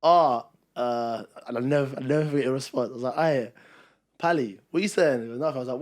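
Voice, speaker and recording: Fast-talking young man. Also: mid-range voice, a little mellow. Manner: rambling storyteller who acts out quoted dialogue. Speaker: podcast co-host. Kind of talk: casual chat.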